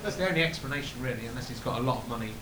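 A man's voice: mid-range voice, animated, very fast, noisy background. A man hosting a live podcast, joking and often laughing at himself. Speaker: podcast host. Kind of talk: casual chat before a live audience. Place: comedy venue with a live audience. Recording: echoey live room with crowd.

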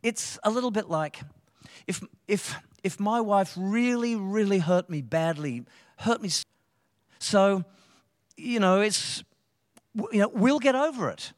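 An Australian man, a pastor, preaching a live sermon in a conversational, animated way, often restarting his sentences for emphasis. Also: high-pitched, measured pace. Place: church hall, live service. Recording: reverberant church hall.

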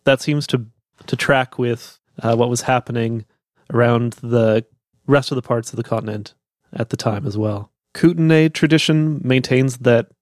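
A man of ordinary pitch reads a history book aloud, then stops to add his own halting comments full of fillers. The recording is dry and close, with little sound of the room. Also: dry recording. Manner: steady when reading, halting asides full of "uh"s. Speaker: podcast host reading a history book aloud. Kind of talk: reading aloud with unscripted commentary.

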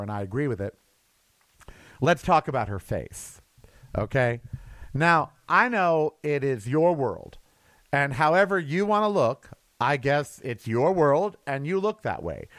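A man's voice: medium pitch, no room sound. A man in his sixties hosting a casual solo podcast, chatty and campy, laughing at his own stories. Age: 60s. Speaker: podcast host.

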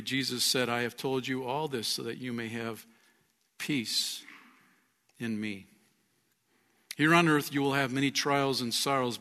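Gravelly preaching pastor in a big hall. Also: male voice, mid-range voice, sharp tone. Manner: earnest preaching, rising and falling in volume. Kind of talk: sermon. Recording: long reverb of a large hall.

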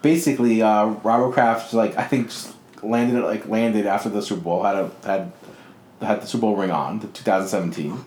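A man's voice: on the low side, fairly even intonation, a little fast, darkish tone. Man, casual co-host, laid-back, swears often, roomy studio echo, faint background hum. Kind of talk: casual chat.

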